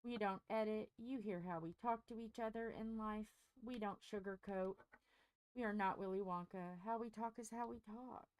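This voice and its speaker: A woman hosting a crafting channel in casual chat, frank and rambling, her strained, scratchy voice dipping up and down and turning squeaky. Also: fairly even intonation, normal speed, clear, resonant tone, no echo. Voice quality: voice dips up and down in pitch, turns squeaky. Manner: frank, rambling, self-deprecating.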